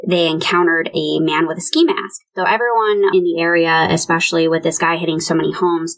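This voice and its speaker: A woman's voice: deep voice, a bit bright, rough recording. A woman co-hosting a true crime book club podcast, retelling a case and voicing quotes along the way. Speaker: podcast co-host.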